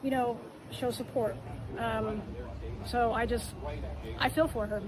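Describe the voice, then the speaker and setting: A woman's voice: a little high, steady tone, takes it slowly, crowd noise, low-quality recording. Hesitant, sympathetic woman on a busy street.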